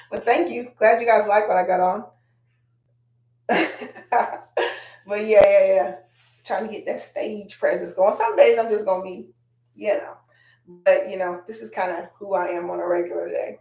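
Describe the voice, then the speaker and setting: A woman's voice: mid-range voice, measured pace, pauses often, a little mellow, roomy sound. A woman hosting a casual commentary vlog, chatting straight to her viewers and reading quotes aloud. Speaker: host.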